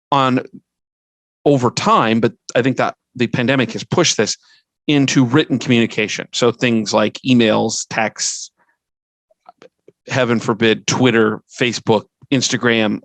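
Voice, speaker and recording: On a rough recording with no room sound, a middle-aged man speaks in a mid-range voice. He's a podcast host and fundraising consultant whose earnest, conversational advice comes as a list of points, with many restarted sentences.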